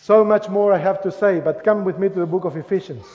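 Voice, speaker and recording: A man preaching a sermon as pastor in a large church, swinging from loud emphatic declarations to soft, hushed asides. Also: high voice, fast talker. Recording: echoey church hall, slightly dull sound. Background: long reverb of the hall.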